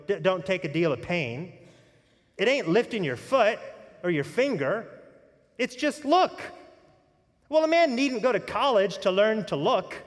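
A fervent, uneducated lay preacher , as a pastor acts him out in a rustic dialect, hammering each short line with earnest, folksy grammar. His voice sits a touch high for a man and rings out across a reverberant church hall. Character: plain-spoken uneducated working-class male lay preacher.

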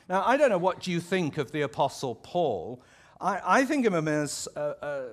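Conversational English pastor preaching a sermon. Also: male voice, a little high. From England. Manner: conversational, reflective, with frequent restarts and asides.

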